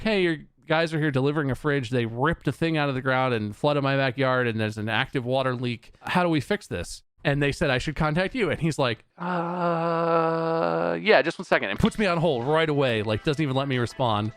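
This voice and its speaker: A man on a podcast telling a story in casual chat, swearing often and sounding exasperated and animated. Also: mid-range voice, a little fast, hardly any pauses, clean tone, no echo. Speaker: podcast co-host.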